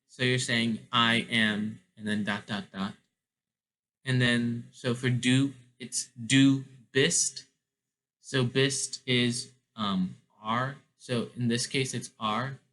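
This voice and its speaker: A man teaching German verbs in an unhurried, casual lesson. He talks slowly at a middle pitch and stops often with ums and restarts. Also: bright, forceful tone, low-quality recording. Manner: slow, deliberate, many ums and restarts. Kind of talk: explaining grammar, casual lesson.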